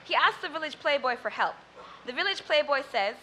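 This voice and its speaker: Young Sudan-born woman poet, Arabic native, high voice, bright tone, chatty and rhythmic. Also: animated, fairly quick, a little hiss or hum, poor audio. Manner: chatty and self-deprecating between poems, rhythmic when reciting. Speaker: spoken word poet. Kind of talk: live spoken word performance.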